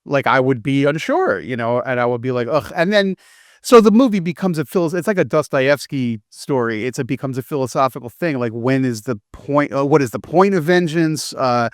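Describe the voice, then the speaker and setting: A man's voice: mid-range voice, animated, moderate pace, no echo, studio quality. A man, a film reviewer, chatting casually on a podcast and acting out characters' lines as he retells a plot.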